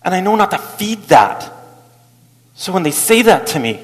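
Storytelling pastor in a reverberant hall. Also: male voice, high-pitched, moderate pace, pauses often. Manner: animated, acts out quotes, laughs while telling. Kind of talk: storytelling sermon.

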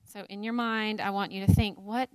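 A woman's voice: medium pitch, steady tone, normal speed, a little mellow, smooth, no room sound. A woman in her thirties leading a Bible study, talking candidly about faith and motherhood and laughing often at herself. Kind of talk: teaching a women's Bible study.

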